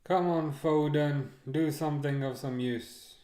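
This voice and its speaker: Excitable man rambling over football. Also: on the high side, measured pace. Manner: rambling, excitable rants with repeated restarts. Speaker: watchalong streamer. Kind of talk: casual live football chat.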